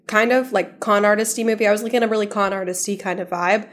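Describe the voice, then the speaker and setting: A woman's voice: medium pitch, steady tone, fast talker. A woman co-hosting a book podcast in casual chat, recapping a movie in a conversational way. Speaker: podcast co-host.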